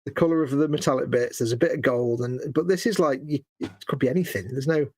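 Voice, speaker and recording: A man's voice: medium pitch, fast, a little mellow. A man co-hosting a live stream, chatting casually and sarcastically while painting models. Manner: joking, sarcastic, teasing.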